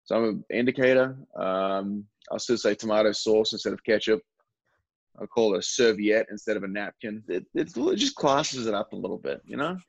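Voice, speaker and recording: A young man with an Australian accent talks in a low voice, wandering through casual stories with plenty of fillers and restarts. The sound is dry and a little dull, with no room around it. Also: animated, fairly quick, vocal fry, no echo. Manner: rambling, full of fillers and restarts. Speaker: baseball relief pitcher, guest. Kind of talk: casual interview chat.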